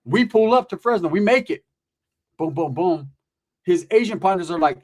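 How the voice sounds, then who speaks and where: A man telling a comedic story in an animated, profane, slangy way. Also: sits high, normal speed.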